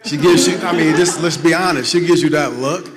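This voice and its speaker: A man's voice: on the high side, fairly quick, a loud crowd. Jovial man answering on a panel. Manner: jovial, frank, chuckling. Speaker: guest speaker, husband. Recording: long hall reverb.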